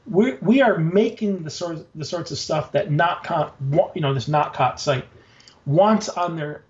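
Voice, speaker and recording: A man talking casually and excitedly in an interview, rambling with many fillers and frequent swearing. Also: fairly high pitch, a little slow, dull audio. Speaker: guest, designer and notebook maker.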